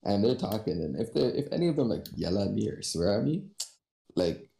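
Laid-back low man, gravelly and echoey. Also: big pitch swings, a little fast, warm tone. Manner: laid-back, unbothered, slangy storytelling. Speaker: podcast co-host telling work stories. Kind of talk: casual chat.

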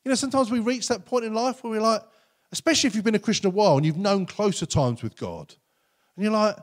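A man preaching a sermon as pastor, earnest and conversational, often acting out quotes in lively voices. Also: sits high, fast talker.

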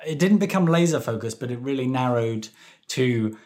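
A man's voice: medium pitch, expressive, moderate pace, darkish tone. Thoughtful man explaining. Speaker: game player. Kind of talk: casual group chat.

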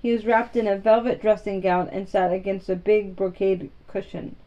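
A woman narrating a children's storybook aloud in a calm, steady manner. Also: mid-range voice, normal speed, dull audio.

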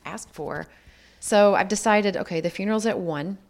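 A woman's voice: medium pitch, normal speed, a little mellow. A woman earnestly telling a personal story in conversation, acting out what others said along the way. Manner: earnest, reflective storytelling with quoted dialogue. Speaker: guest telling her life story.

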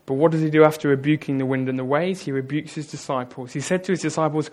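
Male preacher, fairly high voice, lively storyteller who talks straight to the room. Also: fast, few pauses. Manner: lively storytelling, addresses the audience directly. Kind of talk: sermon.

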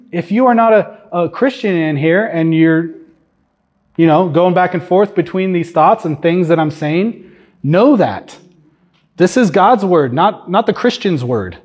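A man's voice: high-pitched, darkish tone, slightly rough. A man preaching an earnest sermon as a guest preacher in a church, emphatic and full of rhetorical questions to the congregation.

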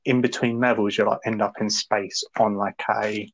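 A man ranting in casual podcast chat, animated and laughing as he mocks a game. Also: fairly low pitch, normal speed, lo-fi sound. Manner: ranting, animated, laughs a lot, mock voices. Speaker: podcast co-host.

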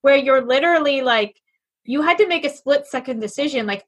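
A woman's voice: high voice, lively intonation, a little fast. A woman podcast host asking curious, conversational questions. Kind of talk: podcast interview.

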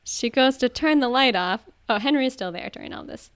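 A woman's voice: high-pitched, a little fast, clear, resonant tone, no room sound, clean studio sound. A woman co-hosting a podcast, casually recapping an episode with lots of laughter and acted-out quotes. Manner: giggly, animated retelling with acted-out quotes. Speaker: podcast co-host.

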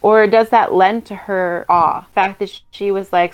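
A woman co-hosts a casual film podcast. She talks in an animated, emphatic way and swears freely as she makes her points. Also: medium pitch, measured pace, clean tone, rough recording. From United States. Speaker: podcast co-host.

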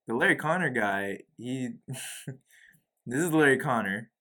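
A man's voice: mid-range voice, lively intonation, slow pace, pushed and bright. A young man co-hosting a podcast in casual, joking chat, often saying "bro". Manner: laid-back, joking, says "bro" often. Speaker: podcast co-host.

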